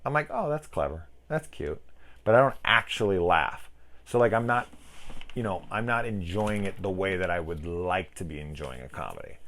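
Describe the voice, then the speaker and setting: A man's voice: sits low, moderate pace, a bit bright, a little hiss or hum. A young man giving a casual, rambling film review, swearing freely and acting out the people he talks about. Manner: rambling, profane, self-mocking, mimics people in quotes. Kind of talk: casual spoken movie review.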